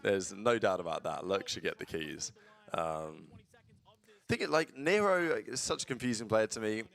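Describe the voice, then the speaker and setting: Lowish-voiced man calling esports bluntly. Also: moderate pace, gravelly. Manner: bursts into excited play-by-play; blunt, swears casually. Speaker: esports streamer. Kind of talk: casual watch-along commentary.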